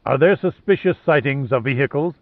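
A man's voice: mid-range voice, brisk, no echo, voice pushed up, close to an everyday voice. A man reading a ruthless male henchman commander who gives stern, clipped orders. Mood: commanding. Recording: narrow phone-like sound.

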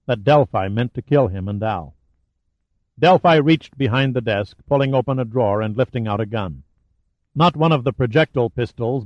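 A man reading a thriller aloud as narrator in a steady, dramatic storytelling manner. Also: medium pitch, no room sound, dull audio. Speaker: audiobook narrator. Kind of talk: scripted narration.

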